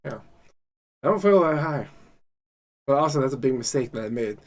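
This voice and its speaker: A man's voice: mid-range voice, lively intonation, normal speed. Rambling, profane male podcast host. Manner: rambling, heavily profane, enthusiastic. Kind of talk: casual chat.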